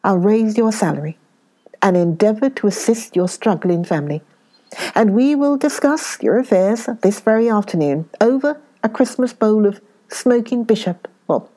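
A woman voicing a gruff old male miser who has turned kindly, lowering her voice in the classic story. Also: expressive, normal speed, warm tone, lightly acted. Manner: low, growling emphasis.

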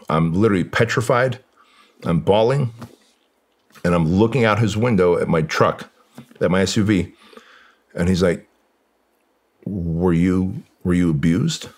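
A man from Armenia, a guest in an interview, telling a personal story in an earnest, emotional way and quoting his own thoughts aloud. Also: low voice.

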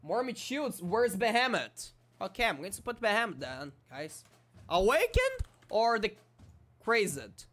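Excitable man commenting on his game. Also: sits high, unhurried, hardly any pauses. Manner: excitable, swings from muttering to shouting. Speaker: gaming YouTuber. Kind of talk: casual gameplay commentary.

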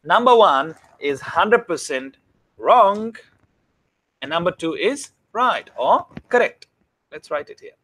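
A man teaching a classroom grammar lesson, often stopping to ask the students whether it is clear. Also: sits high, big pitch swings, slow, fairly bright tone. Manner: keeps checking understanding with questions.

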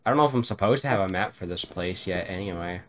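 Low-voiced man streaming a horror game. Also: animated, fast, a little hiss or hum. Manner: casual, swears often, thinks aloud. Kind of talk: casual let's-play commentary.

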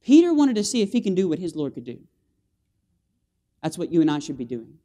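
A man preaching an animated sermon in a church, calling for amens from the congregation and acting out scenes with sound effects. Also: a little high, a little fast. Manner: animated, with call-and-response and vocal sound effects. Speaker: guest preacher. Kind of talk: lively evangelistic sermon. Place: church sanctuary.

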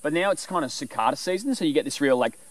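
A man casually explaining animal calls in a rambling, relaxed way with lots of fillers. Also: on the high side, fast talker, no room sound. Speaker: bushcraft vlogger.

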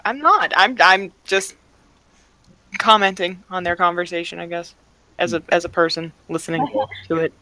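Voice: mid-range voice, steady tone, normal speed, sharp tone, no room sound. A player in a tabletop game, joking and hesitant.

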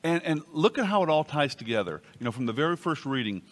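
A man leads a church Bible study in a very animated way, acting out the voices in the passages he reads. His pitch rises and falls widely. The recording carries a long hall reverb. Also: quick pace. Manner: animated, acts out quoted speech with big pitch jumps. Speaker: pastor co-leading Bible class. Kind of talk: Bible study teaching and scripture reading. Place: church room.

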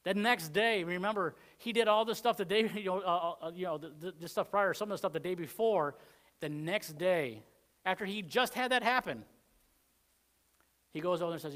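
A man's voice: high voice, moderate pace, a bit bright. A man with a Southern American accent preaching a sermon in a conversational way, acting out the quoted lines. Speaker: pastor.

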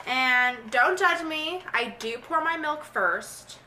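A woman's voice: sits high, expressive, slow pace, distant mic, very noisy. A young woman vlogging in a casual, rambling, giggly way. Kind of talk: casual vlog chat.

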